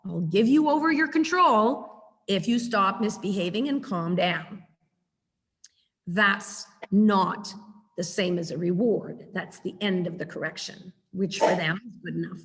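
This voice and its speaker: A woman's voice: medium pitch, unhurried, big-room sound. A woman dog trainer teaching a webinar over a video call, practical and demonstrating the tones she uses.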